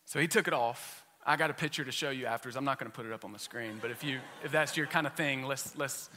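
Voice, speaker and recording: Bright-voiced man preaching in an echoing church. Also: mid-range voice, quick pace, a little hiss or hum. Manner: personal storytelling with humor, frequent restarts. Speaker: pastor. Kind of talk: sermon. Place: church sanctuary.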